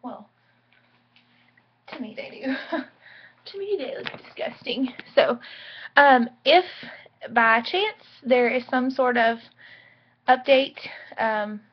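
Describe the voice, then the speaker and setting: A woman's voice: sits high, takes it slowly, pauses often. A young woman chatting emotionally in a home vlog, full of likes and ums. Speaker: vlogger. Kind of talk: casual pregnancy vlog chat. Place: home bedroom. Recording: dull lo-fi home video audio.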